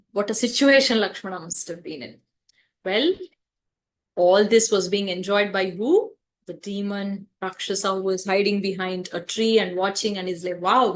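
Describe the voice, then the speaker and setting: A woman's voice: mid-range voice, slight background noise. Woman telling a story to children. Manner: lively, chatty, addresses children directly. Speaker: storyteller at a kids camp.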